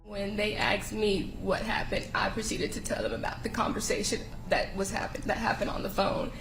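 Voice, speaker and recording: A woman recounting events in an interview, halting and emotional as she speaks. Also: medium pitch, fairly even intonation, a bit bright, reverberant, faint music behind, rough recording. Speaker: interviewee, friend of the victim.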